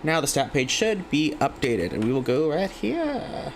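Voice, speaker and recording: A man's voice: a little high, big pitch swings, a little slow, few pauses, soft background music. Casual swearing male esports caster. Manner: casual, swearing, chatty asides between play calls. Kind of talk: live game commentary. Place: home desk.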